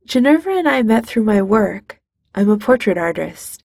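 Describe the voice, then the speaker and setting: A woman voicing a refined, deep-voiced posh young man who speaks in a measured, brisk way. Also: big pitch swings, vocal fry, a little mellow, dry recording, studio quality.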